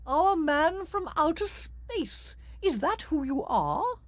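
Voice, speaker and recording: A woman voicing a smug, scheming male army colonel who gloats slowly over his trap, in an audio drama reading. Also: sits high, big pitch swings, no room sound, pitched above the performer's own voice, exaggerated voice. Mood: gloating. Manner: gloating, drawn-out.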